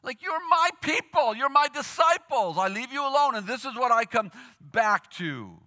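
A man's voice: very high-pitched, very animated, normal speed, bright, forceful tone, pitched above the performer's own voice, full character voice. A man voicing an exasperated male teacher who scolds in a parental tone.

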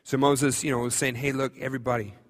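Male pastor, mid-pitched, chatty sermon style with jokes at his own expense, echoing church hall. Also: little pitch movement, quick pace. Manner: conversational, self-deprecating humor. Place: church sanctuary. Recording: long reverb of a church hall.

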